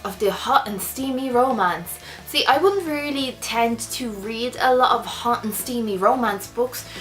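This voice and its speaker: A chatty young Irish woman with a slightly high voice, talking casually and eagerly to camera with plenty of fillers. Soft music plays faintly underneath. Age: young adult. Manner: chatty and enthusiastic, many fillers. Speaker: book vlogger.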